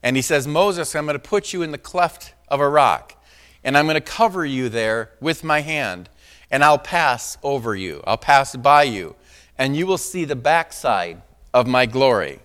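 A man's voice: medium pitch, animated, a little slow, a bit bright, clear, resonant tone. A man preaching a sermon, reading scripture with dramatic emphasis and often checking in with "right?" and "amen?". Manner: conversational preaching, frequent "right?" and "Amen?" asides. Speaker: pastor.

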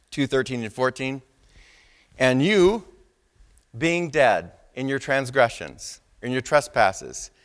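Man preaching with slow emphatic stresses. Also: medium pitch, fairly bright tone. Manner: asks the congregation for response. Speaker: pastor. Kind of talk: sermon.

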